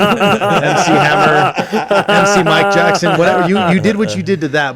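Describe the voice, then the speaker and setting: Male guest, chatty and lively, mid pitch. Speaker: podcast guest. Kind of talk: casual chat.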